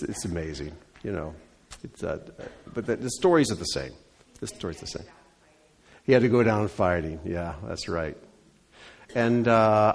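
A man leading a congregation meeting, telling stories and fielding questions in a folksy, conversational way. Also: lowish voice. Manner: folksy storyteller. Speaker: congregation leader. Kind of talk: conversational report and Q&A.

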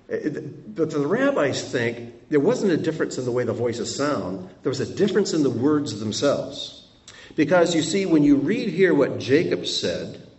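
Expressive man teaching from scripture. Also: mid-range voice. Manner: reads verses aloud with expressive asides. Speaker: Bible teacher. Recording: roomy sound from a distant mic.

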